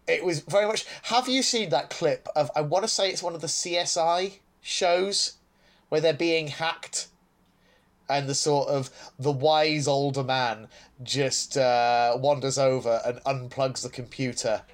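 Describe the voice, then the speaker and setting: A podcast co-host with a fairly high, unhurried voice casually reviews a TV episode. He is sarcastic and laughs often.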